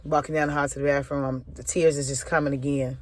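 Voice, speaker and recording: A woman's voice: extremely low pitch, level tone, fast talker. A woman speaking as a spoken word minister, telling a personal story in a loose, candid way with casual filler phrases. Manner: candid, emotional retelling.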